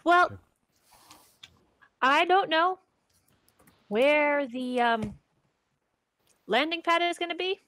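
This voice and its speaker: A woman's voice: sits high, slow pace, long pauses, a bit bright, no echo. A woman playing a tabletop game in casual chat, hesitant and playful, with frequent ums. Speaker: player.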